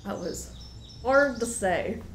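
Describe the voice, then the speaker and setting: Playing a detective game on stream, a woman chats, giggles and reacts aloud in casual commentary. She talks slowly, her voice expressive and on the high side. Game music fills the echoey room behind her.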